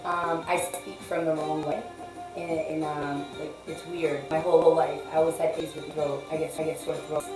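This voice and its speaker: A woman guest, a musician, chatting casually with a deep, throaty voice, rambling and restarting, swearing freely. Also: little pitch movement, a little fast, roomy sound, distant mic, music in the background, poor audio. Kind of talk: casual chat.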